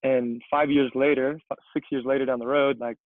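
A man's voice: medium pitch, brisk, no room sound. Young man on a tinny remote line. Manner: relaxed, rambling with fillers. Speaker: podcast guest, CrossFit coach. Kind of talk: casual podcast chat.

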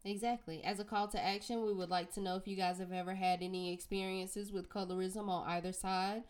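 A woman hosting a podcast, speaking in an earnest, measured way. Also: medium pitch, steady tone. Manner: earnest, measured, wraps up episodes. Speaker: podcast host. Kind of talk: casual podcast chat.

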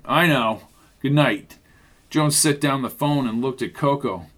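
A man narrating a mystery radio drama in a steady storytelling manner and voicing the detective. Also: medium pitch, measured pace.

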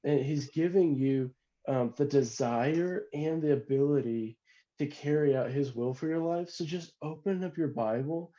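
A man's voice: fairly high pitch, moderate pace, mellow, highs cut off. A man in a devotional talk, encouraging listeners to open their Bibles and listen. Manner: encouraging, plain-spoken.

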